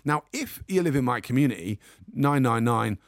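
A man telling a comic anecdote as a podcast guest, acting out the people in his story with lively energy. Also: mid-range voice, moderate pace, no room sound, clean studio sound. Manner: animated storyteller, acts out the other people in the story.

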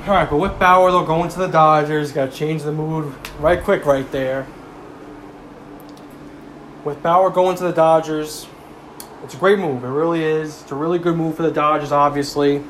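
In a casual sports rant, a young male commentator heatedly takes on baseball, cursing and ridiculing rival fans. His voice is a little high and fairly bright, with fairly even intonation at normal speed, over a slight hiss or hum.

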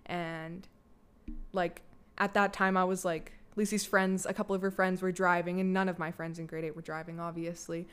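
A woman's voice: fairly low pitch, little pitch movement, moderate pace, fairly bright tone, clear, resonant tone. A young Canadian woman sharing a personal story in a loose, candid way, full of fillers and casual swearing. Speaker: guest, daughter of the host.

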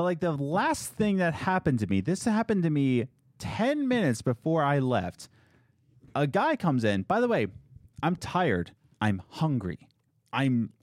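A man telling a story about a customer in a casual chat, animated and sarcastic, acting out what people said. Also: medium pitch, no echo, clean studio sound. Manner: animated, sarcastic, quotes people in put-on voices. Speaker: restaurant worker telling a story.

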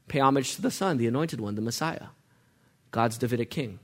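A man's voice: mid-range voice, animated, a little fast. A man preaching a sermon, asking the congregation questions as he goes and letting them call out the answers. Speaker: pastor.

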